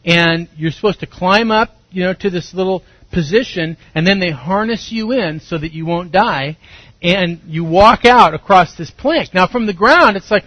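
A middle-aged man preaches a sermon, his voice sitting a little high as he acts out voices and stories. The recording is dry and slightly muffled, with little room sound. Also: moderate pace, breathy edge, dry recording. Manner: animated storytelling, acts out voices and shouts. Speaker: pastor.

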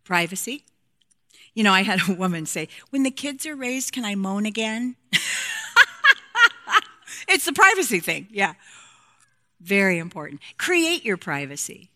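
A woman's voice: mid-range voice, very animated, moderate pace, sharp tone. A woman speaking frankly to a women's group about marriage and intimacy, playful and direct, acting out quotes from couples.

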